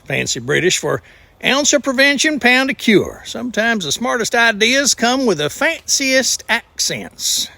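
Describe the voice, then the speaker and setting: Man, Southern US accent, folksy trivia host, gravelly, dry close sound. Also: very high-pitched, big pitch swings, normal speed, bright, forceful tone, no echo. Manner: folksy, exclamatory, punchy jokes. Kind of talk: scripted comedic trivia segment.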